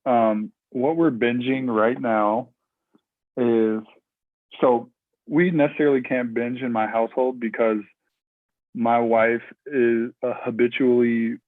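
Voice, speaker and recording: A man's voice: medium pitch, fairly even intonation, takes it slowly. A man from Minnesota talks casually as a podcast guest, rambling and full of fillers and restarts. His voice comes through a thin, tinny remote line. The sound is dry, with no room echo. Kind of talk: casual interview chat.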